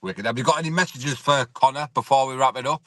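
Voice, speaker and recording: Laddish interviewer, mid-pitched voice. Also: male voice, fast, bright, forceful tone, no echo. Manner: laddish and sweary. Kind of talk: casual interview.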